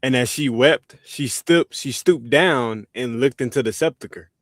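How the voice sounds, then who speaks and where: A man of middle pitch reads scripture aloud in a steady, unhurried way. He speaks over a video call, and the sound is dry and close with no room echo. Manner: steady, plain reading of old-style wording. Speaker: scripture reader.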